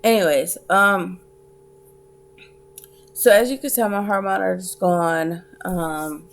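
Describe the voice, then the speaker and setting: Sleepy young woman vlogging, kinda low raspy voice, lots of um and restarts, talks slow. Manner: halting, many fillers and restarts. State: tired. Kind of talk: casual chat to camera.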